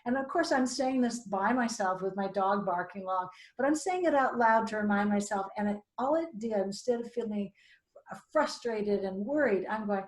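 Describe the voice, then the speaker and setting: A middle-aged woman co-hosting a talk show, telling a personal story in a lively way and acting out what she said back then. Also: medium pitch, moderate pace. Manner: animated, self-quoting, restarts mid-sentence. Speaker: co-host. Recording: roomy echo.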